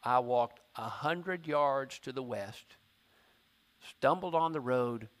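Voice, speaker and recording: A man's voice: medium pitch, slow pace, a bit bright. A man preaching a sermon in church, telling a story and acting out his own inner voice.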